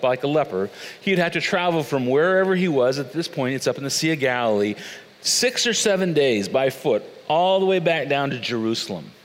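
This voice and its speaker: A man preaching a sermon, animated and acting out the people he quotes. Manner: animated, acts out quoted voices with big pitch swings. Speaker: pastor. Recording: long hall reverb.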